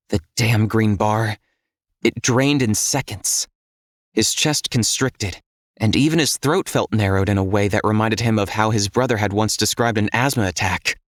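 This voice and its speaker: Man with a dry, steady audiobook read. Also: fairly low pitch, dry recording. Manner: steady, measured storytelling. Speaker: audiobook narrator. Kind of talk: scripted audiobook narration.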